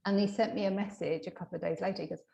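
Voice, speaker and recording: Animated woman telling a client story. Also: medium pitch, very fast, creaky, muffled recording. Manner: animated, acts out quoted dialogue; many fillers and restarts. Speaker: hypnotherapist guest. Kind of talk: casual storytelling interview.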